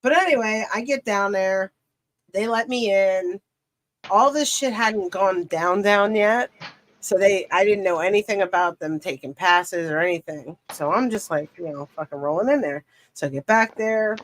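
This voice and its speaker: A young woman tells a story in loose, casual chat. She is animated and profane, with quick bursts of laughter running through her talk. Her voice sits in a middle pitch. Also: a little hiss or hum, poor audio. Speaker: podcast guest.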